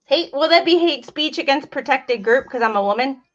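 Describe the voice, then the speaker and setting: A woman's voice: sits high, lively intonation, brisk, lo-fi sound. A woman hosting a casual livestream chat from home, talking loosely and laughing between remarks. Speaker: host.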